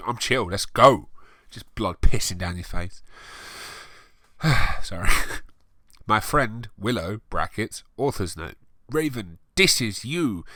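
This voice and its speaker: A man's voice: on the low side, a bit bright, dry recording. A man giving a comedic reading of a bad story, breaking off for sarcastic, sweary, exasperated asides. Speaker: reader and commentator. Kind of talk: comedic dramatic reading with commentary.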